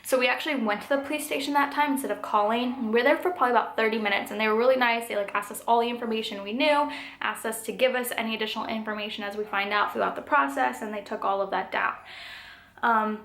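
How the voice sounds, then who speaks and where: A woman's voice: a little high, fast talker, fairly bright tone. A woman in her twenties telling a storytime vlog in a chatty way, full of "like" and "um". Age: 20s. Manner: chatty, filler-heavy telling with frequent "like" and "um". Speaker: vlogger. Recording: echoey room.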